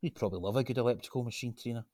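A man's voice: mid-range voice, rapid-fire, no echo, clean studio sound, close to an everyday voice. A man playing an earnest Glaswegian local. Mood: persuasive. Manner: earnest, persuasive, animated. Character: earnest local man, grandson of a chip-shop cook. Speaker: local man pitching a gym. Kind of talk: radio drama acting.

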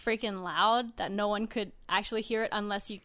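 Upbeat female podcast co-host, smooth clear voice, giggly chat. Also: mid-range voice, steady tone, a little fast, a bit bright. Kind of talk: casual chat.

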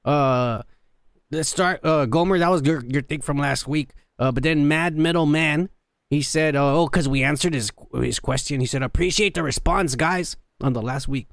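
A man co-hosting a casual podcast with a gravelly, slightly raised voice. He jokes crudely and swears freely while reading viewer comments aloud. The sound is dry and close. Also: fairly high pitch, normal speed, no echo. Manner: profane, joking, reads out comments. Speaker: podcast co-host.

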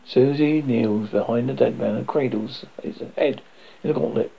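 A man's voice: mid-range voice, moderate pace, creaky, breathy edge. A man reading a script aloud, plainly voicing the stage directions. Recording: dull lo-fi recording.

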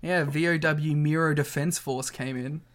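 An enthusiastic young man co-hosting a relaxed podcast, with a voice pitched a little higher than most men. He keeps the banter playful and gets audibly excited about the details. The talk stays loose and conversational. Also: normal speed. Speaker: podcast co-host. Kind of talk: casual chat.

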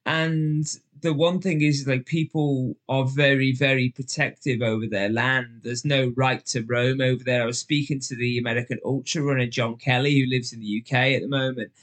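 A man with a Liverpool accent, a guest telling stories in a relaxed podcast chat, full of fillers and acted-out voices. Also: mid-range voice, moderate pace, hardly any pauses. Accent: Liverpool English. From England. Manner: chatty storyteller, lots of fillers, acts out voices. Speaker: guest, ultra endurance runner.

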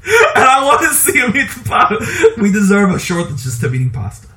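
A man co-hosting a podcast, talking casually about movies in an animated, opinionated way and laughing often. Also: high-pitched, fairly quick. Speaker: podcast co-host.

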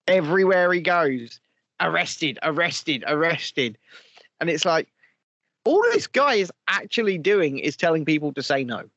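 A man's voice: on the high side, animated, unhurried, fairly bright tone, no echo, lo-fi sound. A man hosting a casual chat, blunt and opinionated. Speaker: host.

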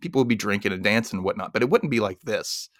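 A man's voice: fairly low pitch, fast talker, no echo, clean studio sound. A man casually recapping a movie plot on a podcast, laughing often and acting out the characters' lines. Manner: animated, laughs often, acts out quotes. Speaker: podcast host recapping a film. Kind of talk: casual chat.

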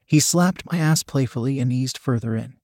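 Male narrator for a read-aloud erotic story, mid-pitched, dry close sound. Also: moderate pace, a little mellow, no echo.

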